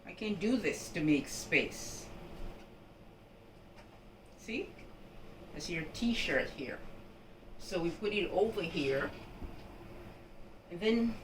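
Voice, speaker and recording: Slow-talking woman, echoey room. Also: lowish voice, lively intonation. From Jamaica. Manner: unhurried and instructive, often checking in with the viewer. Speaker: housekeeping vlogger. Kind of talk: home laundry-folding demonstration. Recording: echoey room, voice from a distance, background noise.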